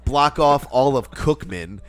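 A man's voice: medium pitch, lively intonation, slow pace. A man co-hosting a casual chat, joking in a dry, sardonic way and swearing. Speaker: podcast co-host.

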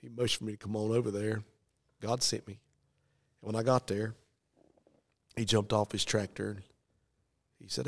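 A middle-aged man tells a story from his own life in an earnest, folksy preaching style. His low voice has a gravelly grain. The recording is close and dry, with no room sound. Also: little pitch movement, moderate pace, long pauses, no room sound. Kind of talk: dramatic storytelling testimony.

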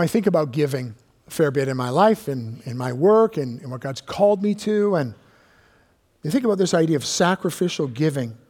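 A man delivers a sermon from the pulpit with a somewhat high voice. He leans hard on single words and then sinks to a near hush. A long reverb from the church hall trails each phrase. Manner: emphatic preaching, drawn-out key words, drops to hushed tones. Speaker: pastor. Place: church sanctuary.

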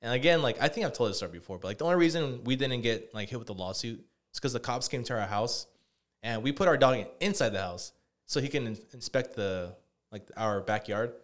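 Man, podcast co-host, casual rambling story, swears a lot, mid pitch. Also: expressive, brisk. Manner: rambling, heavy swearing, many fillers.

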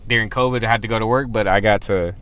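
A man's voice: on the low side, fairly even intonation, fast talker, fairly bright tone. A man in his twenties telling a story in casual podcast chat, rambling and swearing freely. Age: 20s. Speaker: podcast co-host.

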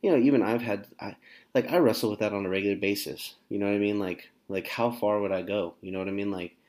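A man co-hosting a podcast, talking in a halting, searching way full of restarts. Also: lowish voice, fairly even intonation, darkish tone. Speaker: podcast co-host. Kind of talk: casual chat.

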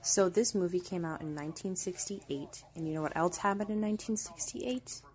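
A woman's voice: fairly low pitch, moderate pace. A young woman giving chatty, casual commentary while watching a movie, using plenty of fillers. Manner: chatty, filler-heavy, animated.

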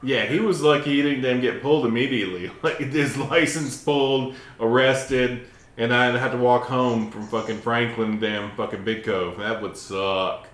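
Brief: man in his forties, co-host, cussing storyteller, mid-pitched, echoey room. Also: steady tone, normal speed, fairly bright tone. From Appalachia, western North Carolina. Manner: profane, repeats himself. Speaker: podcast co-host. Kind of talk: casual storytelling chat.

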